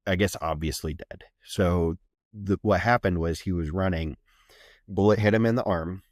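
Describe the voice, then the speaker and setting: A man's voice: low-pitched, normal speed, darkish tone, no echo, studio quality. A man from Ohio, a flight medic, telling blunt, profane, matter-of-fact war stories in a casual podcast interview. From Ohio, USA.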